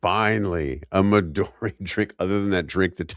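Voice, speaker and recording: A man's voice: deep voice, normal speed, dry recording, studio quality. A man co-hosting a podcast, recapping a TV episode in a rambling way with jokey asides. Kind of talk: casual chat.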